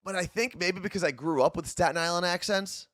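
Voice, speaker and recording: A man's voice: sits high, fairly quick, a bit bright, no echo, studio quality. A man with a New Jersey accent co-hosting a radio morning show, chatting casually and often restarting his sentences.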